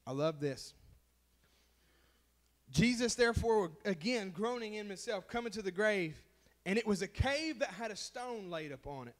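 A man's voice: high-pitched, lively intonation, normal speed. A man preaching a sermon as pastor, impassioned, calling out to the congregation and repeating phrases for emphasis.

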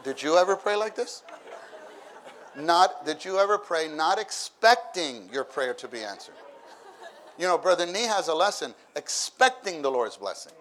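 A man's voice: a little high, very animated, moderate pace, fairly bright tone, some chatter behind, a little hiss or hum. Man preaching in a conversational style. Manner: repeats phrases, acts out voices with bursts of laughter. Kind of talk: conversational sermon.

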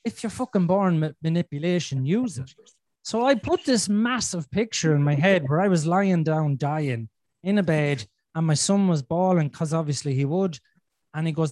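A man's voice: on the high side, normal speed, darkish tone, no room sound. A man, hosting a casual podcast conversation, blunt and sweary, acting out his own inner voices. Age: 40s. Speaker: podcast host.

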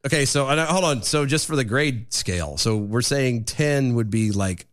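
A man in his thirties co-hosting a radio show, casual and joking, quick to laugh. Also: medium pitch, a bit bright.

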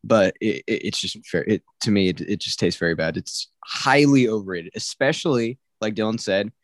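A man's voice: lowish voice, normal speed, no room sound, clean studio sound. A young man from California, co-hosting a podcast and ranting bluntly and emphatically in casual chat. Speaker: podcast co-host.

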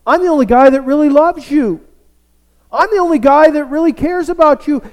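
A pastor acting out a despairing, self-pitying male prophet who pleads and complains, his voice climbing higher as he goes. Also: a little fast, darkish tone.

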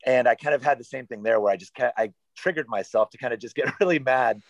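Gravelly-voiced man, casual guest chat. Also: medium pitch, quick pace, no echo, highs cut off. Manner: rambling, self-deprecating, many fillers and restarts. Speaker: guest actor.

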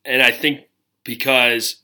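A man's voice: medium pitch, little pitch movement, slow, bright, forceful tone, clear, resonant tone. A man co-hosting a podcast, chatting casually and laughing as he recaps a reality show. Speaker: podcast co-host. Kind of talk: casual chat.

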